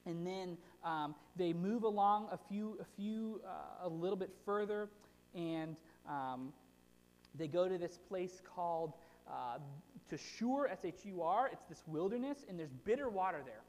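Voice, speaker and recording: A chatty preacher giving a casual sermon, animated and full of rhetorical check-ins, at a middle pitch. The voice rings with a long hall reverb. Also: measured pace.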